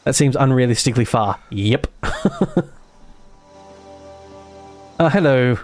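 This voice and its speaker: With faint music behind him, an Australian game streamer talks slowly over live gameplay, chatting with viewers, rambling, mocking himself, swearing casually and using many fillers. His mid-range voice moves in big pitch swings.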